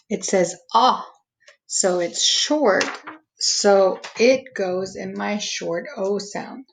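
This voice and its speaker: A woman teacher slowly walking young students through a phonics lesson, stretching out each word's sounds. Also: medium pitch, gravelly, rough recording. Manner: slow, patient, stretching out each word sound.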